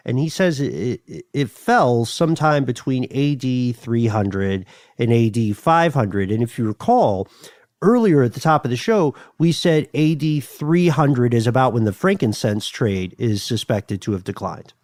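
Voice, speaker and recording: A man's voice: mid-range voice, lively intonation, a little slow, a little mellow, dry recording, clean studio sound. A man co-hosting a podcast, telling a history story in a chatty, loose way with many fillers. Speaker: podcast co-host. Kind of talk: casual conversational storytelling.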